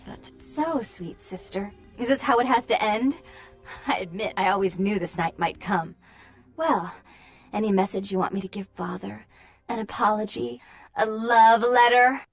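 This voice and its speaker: A woman's voice: mid-range voice, close to an everyday voice. A woman voicing a volatile vampire seductress. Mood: menacing.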